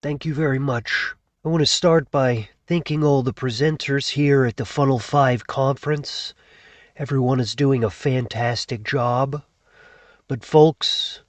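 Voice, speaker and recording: Here a man does a comic impression of a fed-up anarchist orator, scolding the crowd with plenty of profanity and leaning on "okay" and "folks" again and again. His voice is a little high and pushed down, close to how he'd normally talk, with no room sound.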